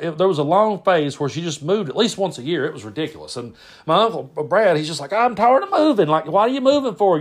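A man, telling stories on his podcast in a rambling, self-interrupting way. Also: medium pitch. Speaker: podcast host. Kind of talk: casual storytelling.

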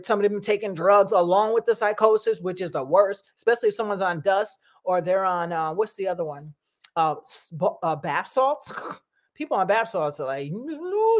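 A middle-aged woman, talking straight to her viewers in a rambling, chatty monologue and slipping into animated voices when she quotes people. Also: medium pitch. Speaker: vlogger.

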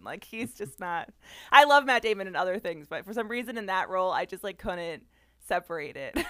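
A woman's voice: mid-range voice, no echo, clean studio sound. A woman from the Boston area, a guest on a film podcast, talking animatedly with lots of "like" and frequent laughs. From Boston area, USA. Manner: animated, laughs often, many "like" fillers. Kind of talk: casual film podcast chat.

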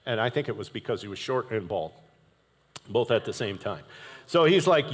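A male pastor preaching a sermon in an animated, conversational way, with jokey asides. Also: lowish voice, moderate pace, pauses often, husky. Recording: echoey hall reverb.

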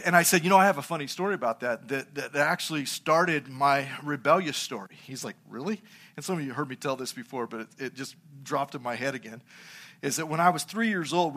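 A middle-aged pastor preaches a sermon in a forceful, bright tone, his pitch fairly high for a man. He builds it around funny, personal anecdotes, telling them with humor.

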